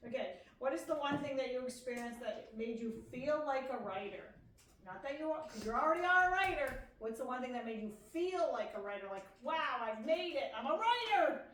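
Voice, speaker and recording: A woman's voice: high voice, lively intonation, brisk, fairly bright tone, a little hiss or hum. A woman librarian with a Pennsylvania accent moderating a library author panel, encouraging and enthusiastic. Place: library meeting room. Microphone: far room mic. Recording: echoey room from far off.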